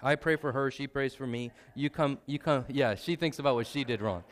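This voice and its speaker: Speaking at medium pitch, a young adult man who is a pastor delivers a sermon. His approach is conversational and self-deprecating, and he slows his delivery whenever he wants to emphasize something important.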